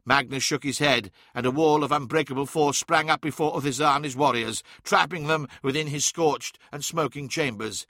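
Man, audiobook narrator, dramatic scripted reading, bright forceful tone, dry close recording. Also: a little high, normal speed, few pauses, no room sound. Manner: dramatic, swelling and dropping in intensity.

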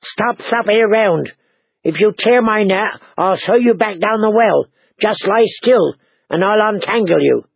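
A man voicing a fierce young huntress who gives sharp, impatient orders. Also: sits high, measured pace, gravelly, slightly rough, dry recording, muffled recording, pitched above the performer's own voice, exaggerated voice. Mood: stern. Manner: sharp and commanding.

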